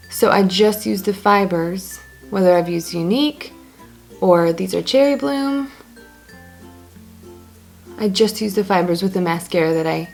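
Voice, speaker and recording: Talking through her makeup routine one step at a time, this beauty blogger keeps things chatty and jokey. Her voice is medium in pitch with noticeable vocal fry.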